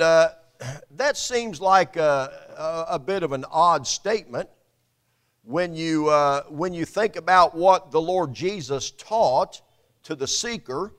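A male preacher reading scripture aloud and preaching, with a deliberate, slow delivery and frequent fillers in his own remarks. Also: on the high side, fairly bright tone.

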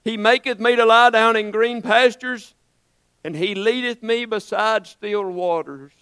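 High-voiced preacher, earnest sermon. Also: male voice, measured pace, sharp tone, clear, resonant tone, no echo. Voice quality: folksy, earnest preaching with swells of emphasis.

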